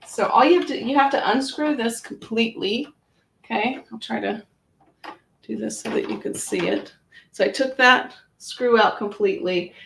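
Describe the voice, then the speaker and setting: A woman's voice: medium pitch, vocal fry, a bit bright, slight background noise. A woman giving a chatty, hands-on demonstration of a sewing machine, narrating her own actions with lots of fillers. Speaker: product demonstrator. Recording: roomy echo.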